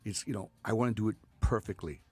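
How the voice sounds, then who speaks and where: A man's voice: fairly low pitch, fast talker, a little mellow, breathy edge. A man in his fifties, a chef guest in a radio studio, chatting casually with many fillers and restarts. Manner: rambling, lots of fillers and restarts.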